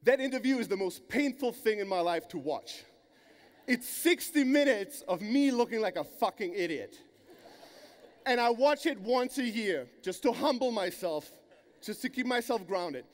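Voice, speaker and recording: A high-voiced man with a German accent tells stories from a conference stage with blunt, swearing energy. His voice rings out through a large hall with a long reverb tail. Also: expressive, moderate pace. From Greece. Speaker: conference speaker. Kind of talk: keynote storytelling.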